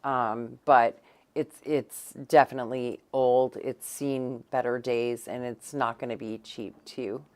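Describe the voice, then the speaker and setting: A woman's voice: very deep voice, steady tone, slow pace, darkish tone. A woman co-hosting a casual local news chat, rambling with many fillers and restarts in a blunt, teasing way. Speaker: co-host.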